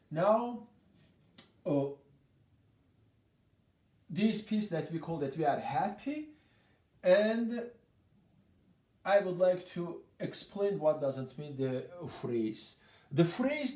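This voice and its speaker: Slow, patient piano teacher in an echoey room. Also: male voice, on the high side, dark tone. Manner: patient, repetitive explaining with counting aloud. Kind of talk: piano lesson. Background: piano playing.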